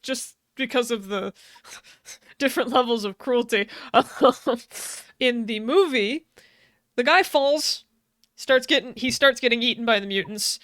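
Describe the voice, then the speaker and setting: A woman's voice: a little high, sharp tone, clean tone, dry recording, clean studio sound. A young woman co-hosting a casual podcast, recapping a book with frequent laughs, casual swearing and many ums. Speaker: podcast co-host.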